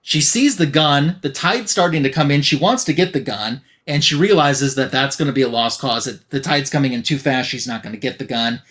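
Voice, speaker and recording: A man hosting a podcast, recapping a comic in an animated, casual way and acting out the dialogue. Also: medium pitch, fairly quick, few pauses. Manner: animated storytelling, acts out dialogue. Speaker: podcast host.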